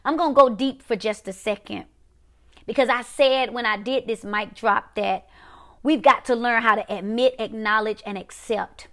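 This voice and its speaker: A woman preaching, emphatic and repetitive, dropping to quiet one-word punches. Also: fairly high pitch, normal speed. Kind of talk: prophetic preaching to a viewing audience.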